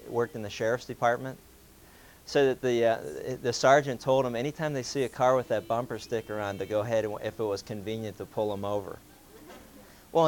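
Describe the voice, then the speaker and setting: A man with a mid-range voice tells a group a casual anecdote, with slight background noise behind him. He's animated, doing the quoted voices and chuckling between lines.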